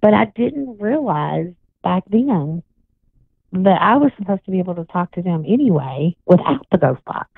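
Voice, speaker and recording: Lady on a tinny phone line, lowish voice, rambling ghost story with lots of restarts. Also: sing-song, moderate pace, gravelly, slightly rough, no room sound. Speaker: guest psychic and paranormal investigator. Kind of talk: casual radio chat.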